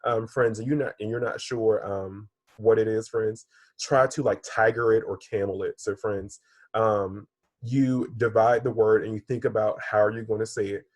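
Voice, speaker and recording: A male elementary teacher walks young pupils through vocabulary in a recorded lesson. His voice sits fairly low and has a husky edge. The sound is close and dry, and he keeps addressing the class as "friends.". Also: fairly even intonation, normal speed, dry recording. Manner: patient, often says "friends" and "um". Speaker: third-grade teacher. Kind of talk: recorded online reading lesson.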